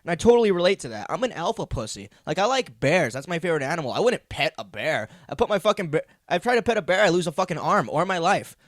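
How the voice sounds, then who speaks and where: A man's voice: on the high side, sing-song, fast, hardly any pauses, fairly bright tone, no echo, studio quality. A young man hosting a comedy podcast, ranting in a meandering, profane, self-deprecating way. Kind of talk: rambling comedic monologue.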